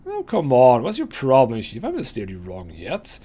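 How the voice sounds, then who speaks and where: A man's voice: medium pitch, wildly swooping pitch, normal speed, mellow, slightly rough. A man voicing a cocky, evasive male floating skull companion who wisecracks. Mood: defensive.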